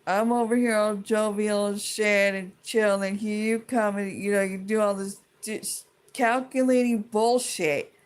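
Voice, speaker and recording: A woman's voice: mid-range voice, steady tone, unhurried, hardly any pauses. Woman venting on her vlog, swearing a lot, restarting sentences, all over the place. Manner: heated, profane, rambling with many restarts. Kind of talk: casual rant to camera.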